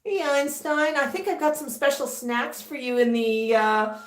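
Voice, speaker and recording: Woman, pet vlog host, cooing baby talk, slow pace, echoey distant sound. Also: high-pitched, steady tone. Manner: cooing, sing-song baby talk to a bird. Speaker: parrot owner and channel host. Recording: roomy, distant mic, faint music.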